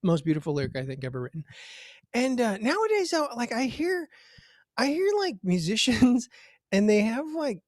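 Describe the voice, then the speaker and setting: A man doing a stand-up comedy set from home over a video call, animated, jumping up in pitch for the voices he quotes. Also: normal speed, dry recording, clean studio sound. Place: home, virtual show.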